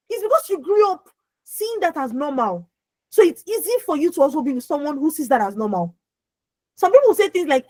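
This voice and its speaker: A young adult woman with a naturally loud voice, coaching an audience on a video call. She is emphatic, repeats words and keeps asking her listeners questions. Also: sits high, sing-song, brisk, dry recording, low-quality recording. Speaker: emotional healing coach. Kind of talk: lively motivational talk on an online call.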